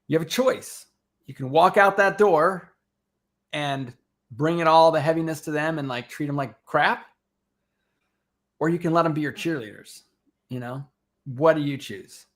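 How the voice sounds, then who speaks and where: A middle-aged man chatting as a podcast guest, telling lively stories and laughing often. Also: a little high, unhurried, pauses often. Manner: animated storytelling, laughs often. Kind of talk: casual chat.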